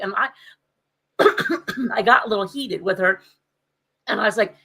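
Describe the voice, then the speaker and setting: Animated woman telling a heated story. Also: medium pitch, a little slow, pauses often, poor audio. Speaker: podcast co-host. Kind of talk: casual podcast chat.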